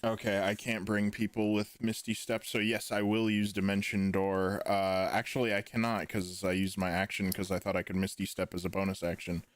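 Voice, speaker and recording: A man's voice: lowish voice, little pitch movement, normal speed, few pauses, no room sound. A man playing a tabletop game, hesitantly thinking aloud while he plans his turn. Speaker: player.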